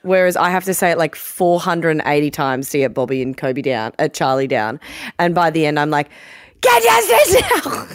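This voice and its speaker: A woman's voice: low-pitched, brisk, clean tone, no echo, studio quality. A woman, co-hosting a casual podcast, candid and cheeky with frequent laughter. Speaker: podcast co-host. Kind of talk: casual chat.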